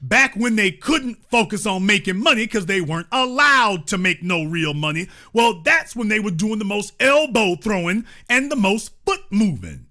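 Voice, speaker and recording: A man hosting a commentary show, delivering an animated monologue in a blunt, emphatic, repetitive way. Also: high voice, normal speed, hardly any pauses.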